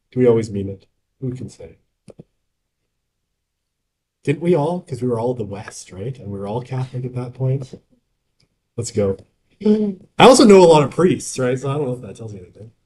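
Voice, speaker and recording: A male lecturer talks to his class in an easy, conversational way. He keeps asking "right?" as he goes and breaks off for joking asides. His voice sits at an ordinary middle pitch for a man. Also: darkish tone, slight background noise. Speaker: university lecturer. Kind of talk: casual university lecture.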